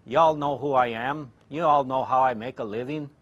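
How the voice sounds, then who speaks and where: A gruff, boastful shark hunter haggling over his fee, as a man reads him in his own plain voice. The delivery is flat and card-read, more recitation than performance. The voice sits at an ordinary middle pitch. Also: normal speed, dull audio, natural voice. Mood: gruff boasting. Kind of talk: amateur scene reenactment.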